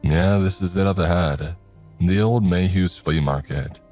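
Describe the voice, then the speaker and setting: A man's voice: deep voice, unhurried, warm tone, soft background music. A man voicing a wisecracking, sarcastic young male friend.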